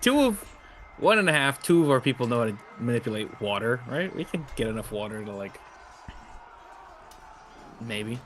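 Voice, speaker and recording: A man's voice: mid-range voice, sing-song, moderate pace, long pauses, a bit bright, slight background noise. A man playing a tabletop game, talking hesitantly and trailing off. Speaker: player. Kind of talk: casual game chat.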